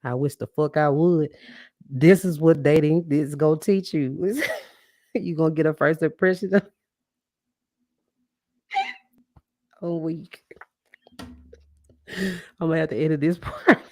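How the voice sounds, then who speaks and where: A woman's voice: low-pitched, expressive, slow, pauses often, darkish tone, dry recording. A woman hosting a live podcast, talking casually and animatedly to her listeners, often laughing and calling them y'all. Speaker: podcast host. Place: live stream reading comments.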